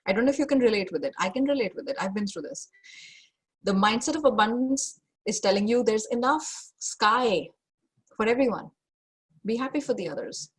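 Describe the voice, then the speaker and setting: A woman's voice: on the high side, expressive, fairly quick, slightly rough. A woman career coach giving an online masterclass over a video call, direct and emphatic, stressing her key points more than once.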